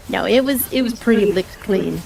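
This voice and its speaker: A woman's voice: medium pitch, normal speed, gravelly, a little mellow. A young woman with a mid-range voice chats casually while she games, telling rambling anecdotes and laughing often. She talks into a desk microphone. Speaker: streamer. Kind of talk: casual chat while gaming.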